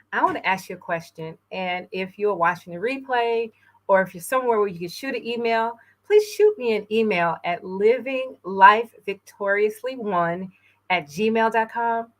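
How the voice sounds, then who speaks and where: A woman from New York hosting an inspirational talk show, speaking earnestly and a little emotionally, with frequent pauses. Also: medium pitch, fairly bright tone. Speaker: host.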